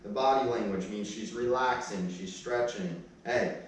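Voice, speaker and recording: A man's voice: fairly low pitch, measured pace, recorded from a distance. A man working as a dog trainer, talking casually while he demonstrates and barks short commands at a dog. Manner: plain-spoken, gives sharp short commands to a dog. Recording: very echoey room, voice from off-mic.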